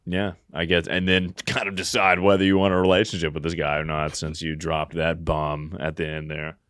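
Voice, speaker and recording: A man's voice: low-pitched, little pitch movement, moderate pace, fairly bright tone, clean tone, no room sound, clean studio sound. A man hosting a podcast, giving crude, joking advice and laughing often. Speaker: podcast host. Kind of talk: casual comedic advice chat.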